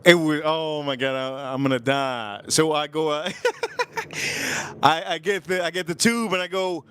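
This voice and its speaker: A man's voice: on the high side, moderate pace, fairly bright tone, a little hiss or hum. Rambling man on a cooking livestream. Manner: rambling, repeats lines, laughs at own stories. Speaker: livestream host. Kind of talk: casual live cooking and whiskey chat. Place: home kitchen or backyard, filming point of view.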